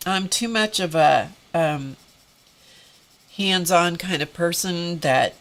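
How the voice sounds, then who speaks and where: A woman hosting a live drawing stream, teary and congested, talking in a halting, emotional way with sighs and pauses. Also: lowish voice, a bit bright. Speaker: host of an art live stream.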